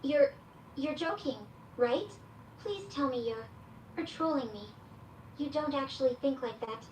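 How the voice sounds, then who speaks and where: Woman voicing a fed-up ai chatbot girl, kinda high voice, reads her own stage directions out loud, echoey far-off speaker sound. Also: steady tone, fairly quick, slight background noise, lightly acted. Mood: exasperated. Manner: reads aloud her own stage directions before each quoted reply. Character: exasperated female AI chatbot companion. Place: played through a speaker in a room, picked up by a security camera.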